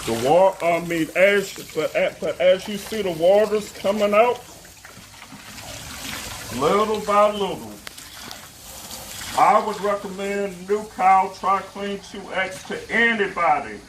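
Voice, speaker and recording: A man's voice: high voice, fairly bright tone, slight background noise. A man filming a casual how-to vlog on his phone, earnest and devout, often stammering and correcting himself. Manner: halting, stammering, self-correcting. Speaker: homeowner vlogger.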